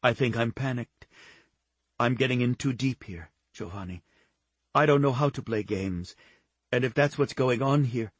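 A man reads a young woman near tears, halting and apologetic as she speaks. The voice stays slightly husky and sits in a dry, close audiobook sound. She comes across shaken and overwhelmed. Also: medium pitch, no echo, pitched above the performer's own voice, natural voice. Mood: anxious.

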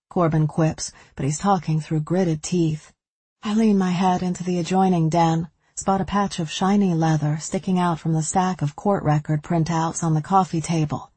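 A woman's voice: lowish voice, darkish tone, breathy edge, no room sound. A woman reading a first-person thriller novel aloud with anxious tension. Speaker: audiobook narrator.

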